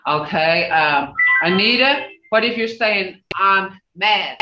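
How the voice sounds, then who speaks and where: A woman's voice: mid-range voice, lively intonation, slow, hardly any pauses, noisy background. A woman teaching an online language class over a video call, patiently calling on students one by one and coaching them through each phrase. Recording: roomy, distant, dull video call audio.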